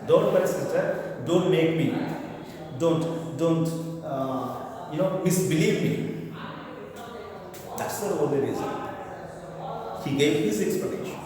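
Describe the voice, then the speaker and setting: A man's voice: a little high, slow, long pauses, a crowd in the background. A man teaching a class, reading a story aloud and explaining it, voicing the characters as he goes. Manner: reads dialogue aloud in changing voices, then explains. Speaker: English teacher. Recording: very echoey room, voice far from the mic.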